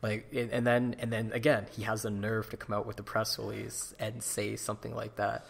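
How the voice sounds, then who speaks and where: A man's voice: lowish voice, level tone, brisk, creaky. A man co-hosting a podcast in casual chat, opinionated and ranting about what annoys him. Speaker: podcast co-host.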